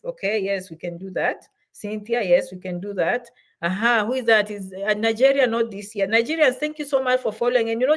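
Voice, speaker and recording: A middle-aged woman hosting a casual livestream, reading out viewers' comments and answering their questions warmly. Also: fairly high pitch.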